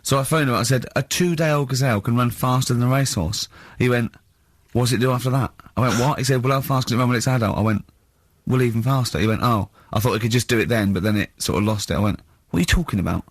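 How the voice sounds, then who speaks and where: A man's voice: mid-range voice, quick pace, hardly any pauses, no room sound, clean studio sound. Man telling a mocking, incredulous tale. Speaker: radio host. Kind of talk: radio banter.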